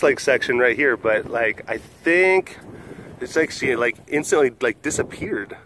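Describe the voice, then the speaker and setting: A man's voice: medium pitch, expressive, a little slow, fairly bright tone, slight background noise. A man filming a casual vlog at an animal facility, teasing the tigers playfully and breaking into laughs. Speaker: big cat keeper filming the animals.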